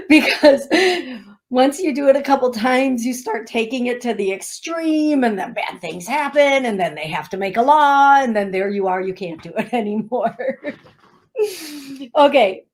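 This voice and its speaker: A woman's voice: fairly high pitch, lively intonation, a little slow. A woman hosting a radio show as a psychic medium, telling stories in a chatty, laughing way. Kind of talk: casual chat. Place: radio studio.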